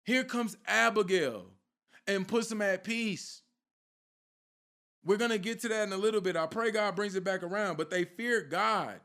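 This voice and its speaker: High-voiced fervent man preaching. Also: normal speed, a bit bright. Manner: fervent, fires rhetorical questions at listeners; repeats a catchphrase question for emphasis. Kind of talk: informal sermon.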